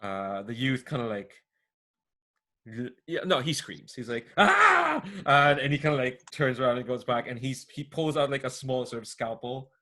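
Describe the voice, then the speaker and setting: A man's voice: medium pitch, moderate pace, a bit bright, a little hiss or hum. A man describing scenes as game master, easygoing and rambling. His voice sits mid-range, meandering through fillers as he builds the picture. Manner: rambling, many fillers and laughs. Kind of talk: narrating a tabletop game.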